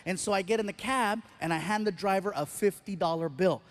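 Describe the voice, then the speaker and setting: A man doing a stand-up comedy routine on a live stage, animated and acting out scenes with sound effects. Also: high-pitched, a little fast, a little hiss or hum.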